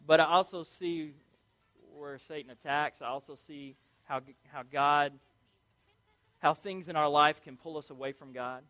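Male preacher, high-pitched, energetic and emphatic with playful asides. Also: a little slow. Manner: energetic, emphatic, playful, repeats key words. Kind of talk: sermon.

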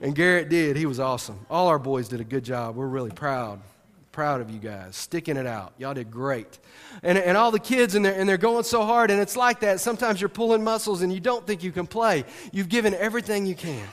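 A man preaching a sermon, animated, moving from excited outbursts to soft, earnest appeals. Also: on the high side, fairly quick, in a large hall. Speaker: pastor. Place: church.

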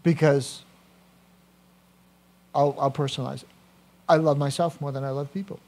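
A man preaching a sermon as a pastor, animated, swinging from quiet to loud with personal asides. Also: a little high, moderate pace.

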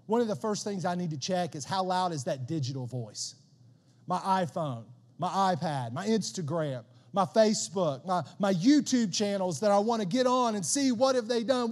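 High-voiced preacher in a reverberant hall. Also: male voice. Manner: conversational, animated, repeats words when building a point. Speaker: pastor. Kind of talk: sermon.

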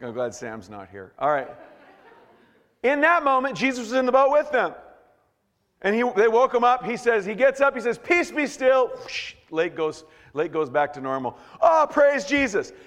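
A man preaching a sermon as pastor, animated and joking, acting out quotes with shouts and stammers. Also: very high-pitched, normal speed, long reverb tail.

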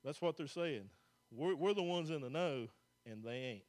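A pastor, preaching a folksy, plain-spoken sermon to a church congregation. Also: male voice, fairly high pitch, lively intonation, normal speed.

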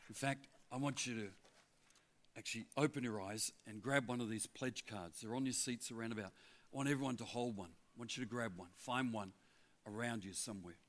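An older man preaching a sermon to a congregation, telling stories with lively asides. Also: mid-range voice, fairly quick. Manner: animated, chatty storyteller with asides. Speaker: guest preacher, former pastor of the church. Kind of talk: sermon with personal storytelling. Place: church hall before a congregation.

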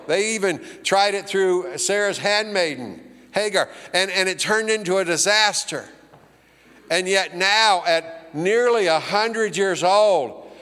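A man's voice: high-pitched, pushed and bright. An older man preaching a sermon with folksy, humorous storytelling and acted-out voices in a church auditorium. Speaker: pastor. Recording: reverberant hall.

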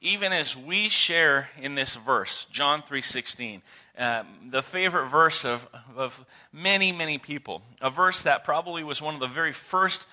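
A man preaching a sermon to his congregation in a conversational, animated way, asking questions and repeating words for emphasis. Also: a little high, normal speed. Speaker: pastor. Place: church sanctuary.

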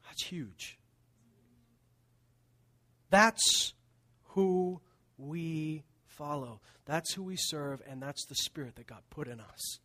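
Man, pastor, sermon, lively storytelling, slightly high-pitched, drops to hushed tones. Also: takes it slowly, long pauses. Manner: animated storytelling, laughing, then dropping to hushed tones.

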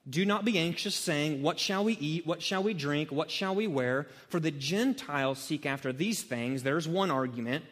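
A man preaching an expository sermon, emphatic and repetitive, swinging between loud urgency and hushed earnestness. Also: on the high side. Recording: long hall reverb.

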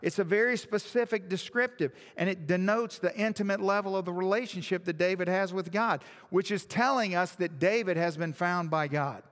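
A man's voice: sits high, normal speed, few pauses, fairly bright tone. A male pastor preaching a sermon in a church hall, emphatic and full of rhetorical questions, with long hall reverb.

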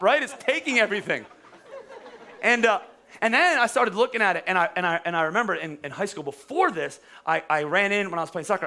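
A man's voice: fairly high pitch, sharp tone. A man in his forties preaching a sermon in a conversational, joking way, often restarting his sentences. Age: 40s. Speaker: pastor.

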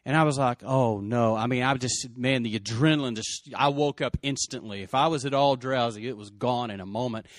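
A middle-aged man telling a personal story, earnest and emotional, surging and then dropping to a hush. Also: mid-range voice, no echo, studio quality. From West Texas. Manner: earnest, emotional, quick surges and hushed drops.

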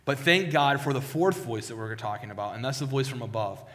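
A man preaches in a church sanctuary, his voice trailing off into a long hall reverb. He speaks at an ordinary middle pitch for a man. His delivery is conversational and full of restarts, with words repeated as he works toward a point. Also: expressive, a little fast, a bit bright. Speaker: pastor. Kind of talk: sermon with personal testimony.

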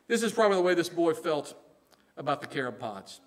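Speaking briskly in a fairly high pitch, a Southern-accented pastor from Illinois delivers a lively, joke-filled sermon. He drops quiet whenever he wants emphasis.

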